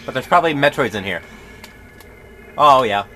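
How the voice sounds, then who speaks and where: A man doing live gaming commentary, full of loud exclamations that swing between dismay and giddy laughter. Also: mid-range voice, expressive, moderate pace, a little hiss or hum. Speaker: let's play host.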